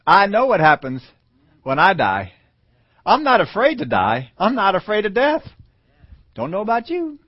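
A man's voice: high-pitched, huge pitch swings, moderate pace, pauses often, dry recording. Chuckling conversational preacher man, dull dry audio. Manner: conversational, chuckling, rising to emphatic peaks. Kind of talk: sermon.

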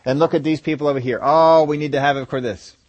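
A man's voice: a little high, steady tone, quick pace, muffled recording. A man preaching a sermon, asking the congregation rhetorical questions and driving his points home with emphasis.

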